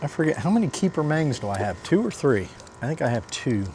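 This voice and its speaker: A man hosting a fishing vlog, talking excitedly to viewers as he fishes outdoors from a kayak. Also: fairly high pitch, a little fast, slight background noise. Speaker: fishing vlogger host. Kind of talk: casual running commentary.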